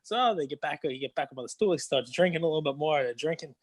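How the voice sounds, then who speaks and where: A playful man hosting a podcast, ribbing his guest and telling a joke. His voice sits a bit high and the sound is dry and close. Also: expressive, fast talker, husky, dry recording. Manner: jokey, playful storyteller. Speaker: podcast host. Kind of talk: casual chat.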